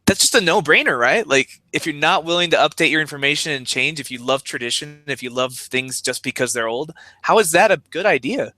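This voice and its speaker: A man's voice: on the high side, animated, brisk, hardly any pauses, bright, forceful tone, no room sound. A man co-hosting a podcast in casual chat, earnest and argumentative, checking for agreement. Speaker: podcast co-host.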